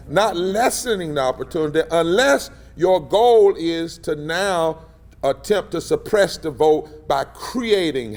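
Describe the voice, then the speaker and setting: Fervent man preaching at a podium. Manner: rhythmic, emphatic, swells louder and higher on key phrases. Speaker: civil rights leader and pastor speaking at a press event. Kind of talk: impassioned preacher-style public address. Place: indoor press gathering.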